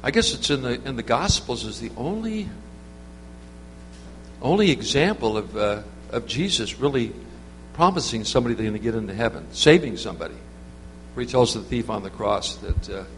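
A man's voice: medium pitch, expressive, moderate pace, fairly bright tone. A man preaching an informal sermon, telling stories in a rambling, conversational way with many restarts. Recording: reverberant hall with faint hum.

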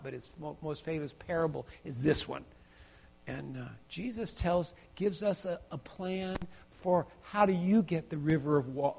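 A middle-aged man preaching a sermon, earnest and halting, full of restarts and repeated words, putting questions to his listeners. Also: sits high.

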